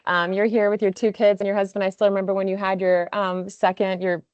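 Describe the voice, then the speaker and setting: A woman's voice: medium pitch, level tone, fairly quick, clean tone, no echo. Emotional woman presenting awards on a call. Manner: emotional, filler-heavy, warm praise with frequent "um". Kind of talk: video call award announcement. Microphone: video call.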